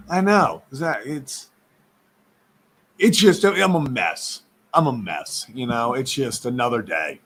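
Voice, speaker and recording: A man's voice: medium pitch, lively intonation, slow, long pauses, a bit bright, husky. A man hosting a casual live sports stream, chatty and rambling, laughing often, who says his voice is going.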